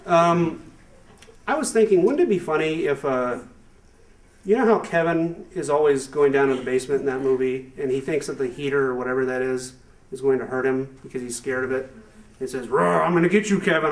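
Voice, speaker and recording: A young man doing a rambling stand-up comedy routine with hesitant fillers and deadpan asides to a live audience. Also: medium pitch. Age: young adult. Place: live show venue with audience. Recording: echoey room, far from the mic, noisy amateur recording.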